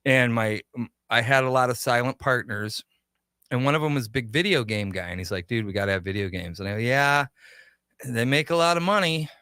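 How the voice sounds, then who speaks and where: A man guesting on a radio talk show, telling stories about his shop with lively quoted dialogue, in a studio. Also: on the low side, fast talker, clear, resonant tone, no echo. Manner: animated anecdotes with quoted dialogue. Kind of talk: casual radio interview storytelling.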